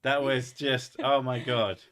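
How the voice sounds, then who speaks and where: Bright-toned sweary English man. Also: mid-range voice, fairly even intonation, slow pace. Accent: English, mix of posh and Essex. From England. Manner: sweary and joking. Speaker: streamer. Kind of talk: casual stream chat.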